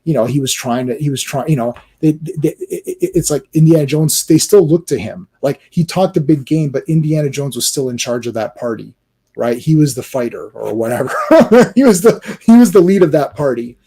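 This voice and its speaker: A man's voice: a little high, expressive, brisk, mellow, slightly rough. A man hosting a casual livestream, ranting animatedly about movies with many restarts and fillers. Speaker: livestream host.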